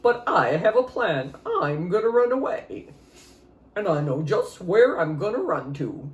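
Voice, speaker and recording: A woman voicing a fretful male turkey who talks loudly and insistently and adds gobbles. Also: fairly low pitch, sing-song, measured pace, highs cut off, pitched above the performer's own voice. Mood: anxious, determined. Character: fretful male turkey with a bold escape plan. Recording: echoey room.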